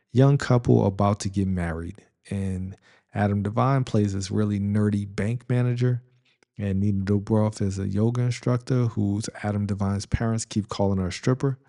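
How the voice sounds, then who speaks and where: Gravelly low-voiced man rambling about movies. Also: dark tone. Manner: rambling, lots of ums and restarts, chuckling. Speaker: podcast host reviewing movies. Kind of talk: casual movie review monologue.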